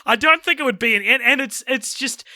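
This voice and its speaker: A man co-hosting a film podcast, talking in an excitable, incredulous way with stammering restarts. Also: very high voice, a little fast, no echo, studio quality. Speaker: podcast co-host. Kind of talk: casual film review chat.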